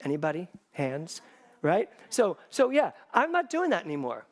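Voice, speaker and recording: Lively, high-pitched man preaching a sermon. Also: moderate pace. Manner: animated, conversational preaching with jokes and asides. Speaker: spiritual director.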